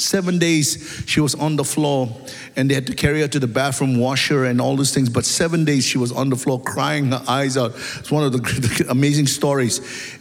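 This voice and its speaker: A man preaching a sermon in an animated way, asking the congregation rhetorical questions and building up emphasis. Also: medium pitch. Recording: long hall reverb.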